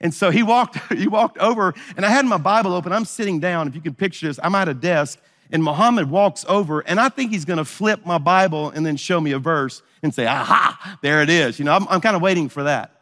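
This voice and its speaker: A man's voice: a little high, brisk, hardly any pauses, a bit bright, long reverb tail. A middle-aged man preaching a sermon, telling a story and acting out the dialogue. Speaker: pastor.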